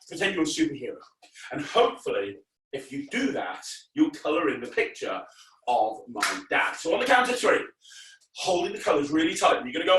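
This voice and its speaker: A bouncy children's entertainer with a bright, lively voice that leaps high whenever he gets excited. He sounds a little distant from the mic in an echoey room. His delivery is big and playful throughout. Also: brisk. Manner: animated, exaggerated, jumps to loud high shouts. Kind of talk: energetic comedy magic show for kids. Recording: echoey room, voice a bit far off.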